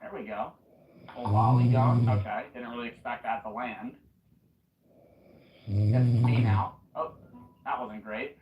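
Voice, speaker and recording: A man on a headset mic giving live, excitable commentary on his own gameplay, yelling and swearing at opponents. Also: mid-range voice, a little slow, long pauses, reverberant, dull audio, slight background noise. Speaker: streamer.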